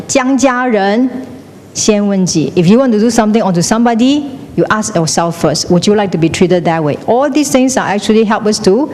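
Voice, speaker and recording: This teacher, a middle-aged woman with a medium-pitched, darkish voice, gives a classroom lecture full of questions to her students. She alternates between English and Chinese, and the audio has long hall reverb with faint noise.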